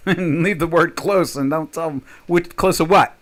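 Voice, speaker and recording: A man's voice: on the high side, moderate pace, hardly any pauses, a bit bright. Rambling older man, casual trader talk. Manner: rambling, jokey, full of fillers and restarts. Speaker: trader hosting a live chat. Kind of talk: casual live-stream talk.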